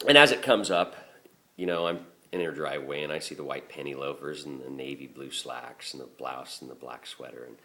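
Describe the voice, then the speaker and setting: Middle-aged working man with a deep, low voice, swearing freely and rambling through a story with ums and restarts. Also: pushed and bright. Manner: profane, rambling, with many fillers and restarts. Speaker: garbage collector. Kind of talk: casual spoken storytelling.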